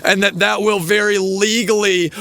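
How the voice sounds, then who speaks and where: A young man ranting angrily at his viewers, swearing, shouting and laughing bitterly. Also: high-pitched, level tone, normal speed. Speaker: vlogger. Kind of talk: angry rant to viewers.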